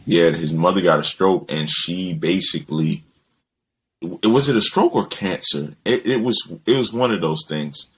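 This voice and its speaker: A young man, co-host of a podcast, chatting casually and telling animated stories with lots of swearing. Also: low-pitched, normal speed, slightly rough. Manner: animated storyteller, mimics people in quotes, swears freely. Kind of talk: casual chat.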